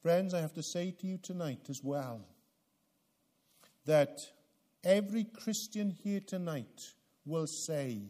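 A man's voice: on the high side, takes it slowly, long pauses, mellow. A man preaching a sermon in a church, earnest and emphatic. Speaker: pastor.

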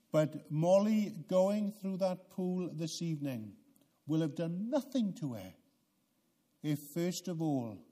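High-voiced, slow preaching man. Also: darkish tone. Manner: earnest preaching, rises and falls in emphasis. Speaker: pastor. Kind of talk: sermon. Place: church.

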